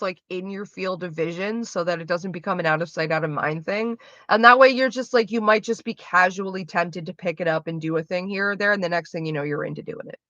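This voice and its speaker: Woman hanging out on stream, bright voice, swears a lot, dry dull lo-fi audio. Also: medium pitch, no room sound. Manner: frank and chatty, swears freely. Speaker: livestreamer answering chat. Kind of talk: casual chat.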